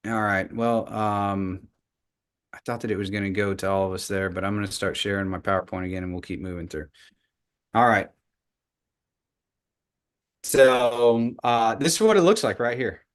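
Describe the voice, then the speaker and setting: A man with a lowish voice teaches scripture in a live online study group. He talks in halting bursts, repeating words as he gathers his thoughts. When he reads the ancient text aloud, he leans on key words with emphasis. The sound comes through a video call. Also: clear, resonant tone. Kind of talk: live online Bible study lesson with slides.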